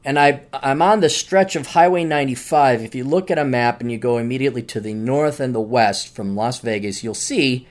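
A man hosting his own podcast, talking in a rambling, animated solo monologue with jokey asides. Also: medium pitch, brisk, few pauses. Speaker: podcast host.

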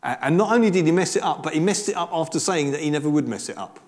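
A man's voice: fairly high pitch, lively intonation, fast. A man giving a conversational, earnest sermon with frequent restarts. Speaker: preacher.

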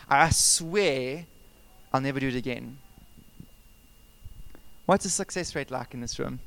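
A man preaching a sermon as pastor, animated and conversational, asking his congregation questions and telling personal stories. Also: a little high. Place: church service.

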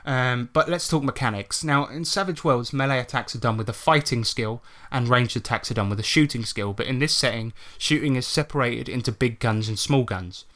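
A man's voice: medium pitch, brisk, few pauses, fairly bright tone. A man co-hosting a podcast in a casual chat, explaining tabletop game rules step by step and swearing freely.

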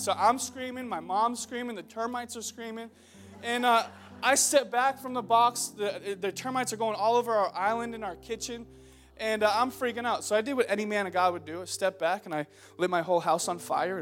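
A man's voice: high voice, a little fast, fairly bright tone, faint music behind. A young man preaching a sermon to a church congregation, opening with a comic story before turning earnest. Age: young adult. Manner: joking storyteller who builds into earnest exhortation. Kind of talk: humorous sermon.

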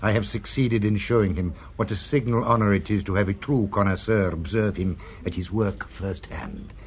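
A man playing a suave, low-voiced restaurateur. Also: fairly even intonation, normal speed, a little hiss or hum, lightly acted. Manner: smooth, formal, polite but stern. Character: suave, commanding male restaurant owner.

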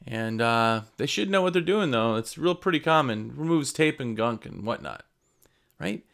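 A man's voice: mid-range voice, expressive, normal speed, fairly bright tone. A man who runs a window cleaning business, giving casual sales advice to camera and acting out exchanges with customers. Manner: conversational, acts out customer exchanges.

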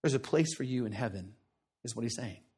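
A man's voice: mid-range voice, expressive, brisk, darkish tone, breathy edge. A man preaching a sermon in a conversational, earnest way, often checking in with "right?" and repeating short phrases for emphasis.

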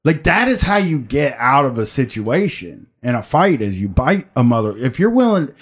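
A man co-hosting a call-in show, talking in rambling, profane, animated banter. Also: mid-range voice, normal speed. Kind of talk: crude casual banter.

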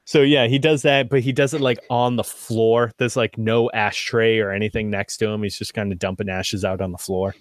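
Low-voiced man running a tabletop game. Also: normal speed, few pauses, dry recording, clean studio sound. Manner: relaxed, rambling description with many fillers. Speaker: game master.

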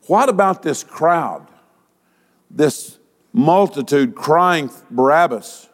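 A male pastor delivering a sermon, asking rhetorical questions and using dramatic pauses. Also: on the high side, expressive, in a large hall.

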